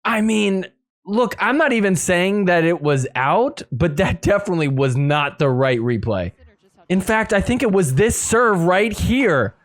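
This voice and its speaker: A man hosting a sports podcast, recapping games in a casual, excitable way and laughing at the calls. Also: sits high, a little slow. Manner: excitable, laughing, mock-quoting players. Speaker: podcast host.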